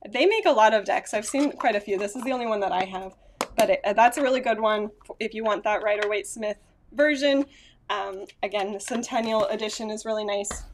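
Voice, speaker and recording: A woman's voice: mid-range voice, a little fast, slight background noise. A woman casually chatting to her phone camera at home, rambling and correcting herself with small laughs. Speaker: vlogger. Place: at home, indoors.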